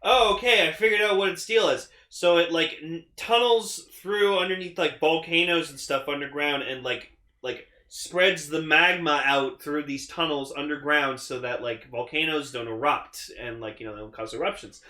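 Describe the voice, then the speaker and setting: A young man co-hosting a podcast, recapping an episode in casual chat, excitable, swearing a lot and acting out the characters' lines. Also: on the high side, moderate pace, echoey room. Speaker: podcast co-host.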